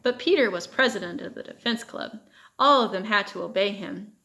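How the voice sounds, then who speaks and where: A woman narrates a children's novel in a steady, measured reading voice. Her pitch sits in an ordinary middle range for a woman. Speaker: audiobook reader. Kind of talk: audiobook narration.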